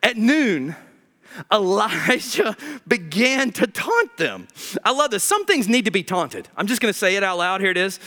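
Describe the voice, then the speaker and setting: A man preaching a sermon, animated and joking, swinging between loud emphatic peaks and low quiet asides. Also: measured pace. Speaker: pastor.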